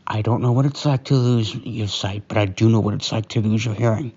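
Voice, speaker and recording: A man doing a comforting partner role-play, talking softly and slowly in a hushed, soothing way. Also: on the low side, fairly even intonation, slightly rough, highs cut off. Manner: soft, hushed, soothing and slow. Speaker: storyteller.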